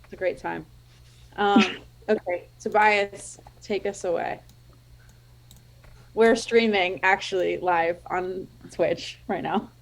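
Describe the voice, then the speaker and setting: A woman's voice: mid-range voice, fairly even intonation, takes it slowly, creaky, pauses often, rough recording. A woman co-hosting a casual podcast chat over a video call, in a laid-back manner. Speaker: podcast co-host. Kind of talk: casual chat on a live stream. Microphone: computer mic on a video call.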